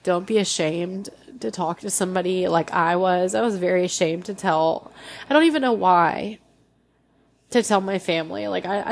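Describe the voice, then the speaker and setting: Gravelly-voiced young woman sharing candidly. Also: fairly low pitch. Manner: candid, emotional, halting with restarts. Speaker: podcast host. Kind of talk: personal solo podcast.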